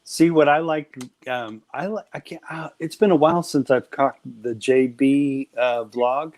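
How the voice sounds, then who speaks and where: A man hosting a relaxed live stream, bantering and teasing his guests. He laughs easily and keeps the talk light, chatting at a middling pitch. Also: a little slow. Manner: playful, teasing, laughs often. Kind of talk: casual group chat on a live stream.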